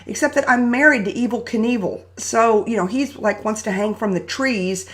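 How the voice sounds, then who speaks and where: A woman hosting a live motivational talk, telling a personal story in a chatty, animated way and greeting viewers by name. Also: fairly high pitch, normal speed. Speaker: host.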